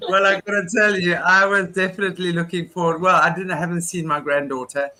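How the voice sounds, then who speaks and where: A man's voice: high voice, steady tone, brisk, bright, forceful tone. An older man hosting a casual online chat show, chatty and joking, laughing easily. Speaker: host.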